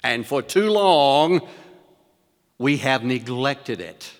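Male preacher, unhurried sermon cadence, lifts his voice for scripture, echoing church hall. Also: mid-range voice, animated. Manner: slow, deliberate emphasis with rhetorical questions to the congregation; reads scripture in elevated, rising tones.

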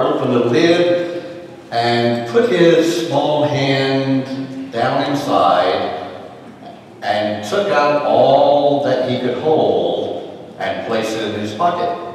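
A man telling a story as part of a sermon, slow and deliberate, dropping to a hushed tone at times. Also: medium pitch, slight background noise. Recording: echoey hall from far off.

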